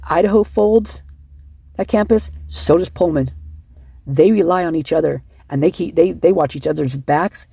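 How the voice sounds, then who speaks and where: A woman's voice: low voice, gravelly, warm tone, slightly rough, no echo. A middle-aged woman giving rambling, emotional casual commentary, sleep-deprived and often restarting her sentences. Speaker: online commentator.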